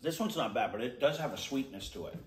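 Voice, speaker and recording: A man's voice: mid-range voice, animated, distant mic, a little hiss or hum. Man reviewing hot sauce, echoey room. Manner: halting, repeats words while searching for them. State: mouth burning from hot sauce. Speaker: food reviewer. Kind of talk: casual tasting chat.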